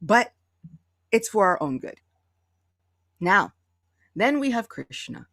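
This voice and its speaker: A woman gives a devotional talk on a video call, and a gravelly fry runs under her voice. She tells stories along the way and acts out what people say. The sound is dry and close, with no room around it. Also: mid-range voice, sing-song, slow, long pauses, fairly bright tone, no room sound. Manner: storytelling, with acted-out quotes. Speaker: devotional class teacher.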